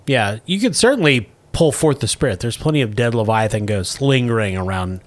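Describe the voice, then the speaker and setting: A man's voice: medium pitch, lively intonation, fairly quick. A man narrating a tabletop game as game master, describing scenes vividly.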